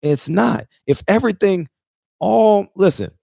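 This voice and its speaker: A man's voice: high voice, expressive, measured pace, gravelly, warm tone, no echo, clean studio sound. Impassioned man on the verge of tears. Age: 40s. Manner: emphatic, preachy, repeats himself. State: near tears, emotional. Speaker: barbershop talk show regular. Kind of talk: impassioned casual monologue.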